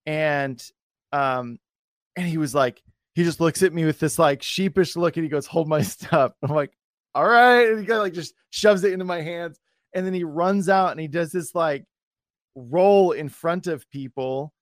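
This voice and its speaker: Speaking at a measured pace in a slightly high voice, this male podcaster meanders through a personal anecdote, often starting over and padding with fillers. It's a clean studio recording without echo.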